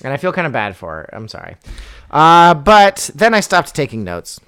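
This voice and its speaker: Rambling young man with a smooth voice. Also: fairly high pitch, wildly swooping pitch, moderate pace, a bit bright. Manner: rambling, wry, many fillers and restarts. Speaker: podcast co-host. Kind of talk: casual chat.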